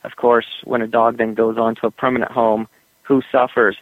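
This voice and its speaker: Man, author guest, phone-quality audio, animated, laughing storyteller, dry. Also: moderate pace, no room sound. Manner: animated storyteller, laughs often, puts on high doggy voices. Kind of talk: interview over the phone. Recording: tinny phone line.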